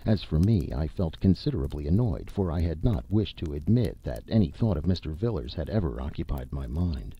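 A man narrates an old tale in a very deep, husky voice with lively swings of pitch. The reading is expressive and measured. It sounds like a somewhat dull, lo-fi recording. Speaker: audiobook narrator. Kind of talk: storytelling narration of a classic short story.

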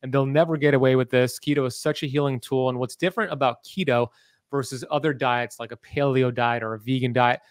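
Energetic man hosting a podcast, dry close sound. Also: mid-range voice, no room sound. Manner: energetic, persuasive, rallying. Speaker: podcast host. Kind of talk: live podcast interview.

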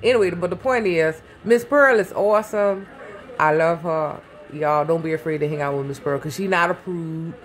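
A woman's voice: fairly low pitch, moderate pace. A woman vlogging from her garage into a phone, rambling and swearing, easily sidetracked and calling her viewers baby and y'all. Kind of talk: casual chat to camera. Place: home garage. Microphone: phone held close.

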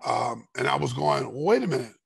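A middle-aged man, a former fighter, telling a rambling story in a podcast interview and getting loud and heated as it goes. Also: medium pitch, animated, moderate pace, gravelly, husky. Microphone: podcast microphone.

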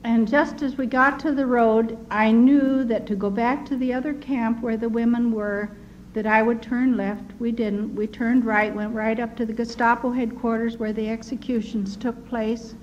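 Older woman, personal testimony, earnest, measured, muffled recording, faint background noise. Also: a little high, steady tone, darkish tone. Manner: earnest, measured storytelling with restarts. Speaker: speaker giving her testimony.

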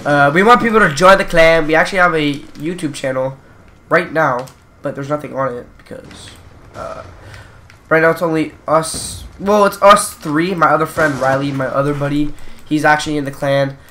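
Gaming host, male, bright and a bit high, rambly and quick to rage at the game. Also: a little hiss or hum. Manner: rambling, easily frustrated, swearing at the game. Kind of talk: casual gameplay commentary.

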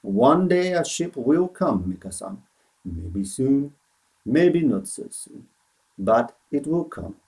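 A man voicing a patient old Japanese man in a storybook reading, speaking slow, halting broken English with a put-on Japanese accent. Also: mid-range voice, big pitch swings, warm tone. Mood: calm.

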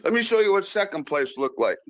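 A man telling a story in casual chat, animated and profane, with frequent repeated words and restarts. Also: high voice, fairly quick, lo-fi sound, background noise. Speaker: guest pool player.

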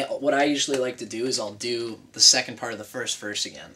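A guitar teacher gives a casual lesson, counting beats aloud and chatting loosely while his own acoustic guitar plays under his speech. His medium-pitched voice has a sharp tone, he keeps tagging explanations with "right?", and there's a little hiss or hum.

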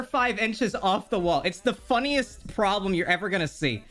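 A man streaming live from his home bedroom, chatting casually, excitable and swearing, quick to get frustrated. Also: high voice, soft background music. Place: home bedroom with a slanted wall. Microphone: streaming mic, moving off-camera at times.

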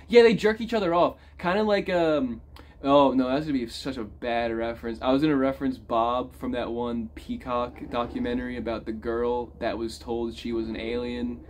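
A man giving a casual, profane movie review, talking with big swings in pitch and loudness. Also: gravelly.

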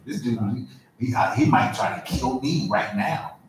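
A preacher doing a nervous, doubting disciple. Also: male voice, medium pitch, moderate pace, heavy reverb, distant mic, a little hiss or hum, pitched below the performer's own voice, lightly acted, rough recording.

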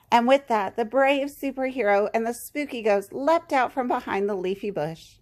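A woman reading a children's picture book aloud, gently and expressively. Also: a little high, moderate pace, hardly any pauses. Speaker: children's story reader.

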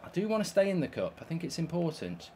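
A man's voice: a little high, sing-song, fast talker, dark tone, a little hiss or hum. A man with a heated, swear-filled delivery, hosting video game commentary. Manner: exasperated, swears often. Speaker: host.

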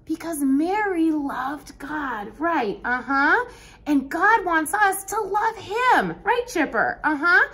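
A young woman teaching a Bible lesson to preschool children, animated and full of exclamations. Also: very high-pitched, slow pace.

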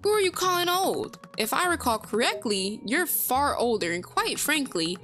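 A woman voicing a senile old female tree spirit in a high, theatrical old-lady voice, chuckling "ho ho ho". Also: big pitch swings, moderate pace, sharp tone, faint music behind. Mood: doddering.

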